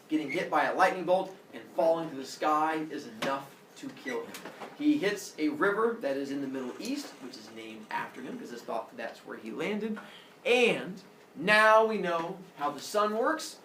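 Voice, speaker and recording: A man's voice: a little high, fairly bright tone, slight background noise. Playful man telling myths in class. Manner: playful, with sound effects and asides. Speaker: teacher. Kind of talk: animated classroom storytelling. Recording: echoey classroom, camera far off.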